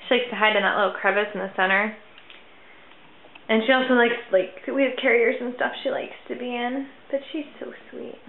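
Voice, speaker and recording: A bubbly young woman chats in a casual vlog from her old bedroom, drifting off to coo at her cats. Her voice sits a bit high. The sound is thin and phone-like, with a roomy echo around it. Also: fairly even intonation, fairly quick. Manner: bubbly, easily distracted, coos at her cats. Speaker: vlogger. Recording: tinny, echoey phone-like sound.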